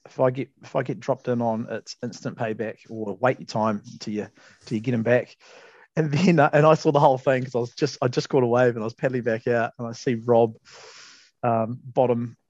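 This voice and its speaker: A man's voice: mid-range voice, steady tone, fairly quick, darkish tone, dry recording, highs cut off. A man, co-hosting a podcast and telling a casual story, laid-back, laughing often and swearing freely. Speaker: podcast co-host.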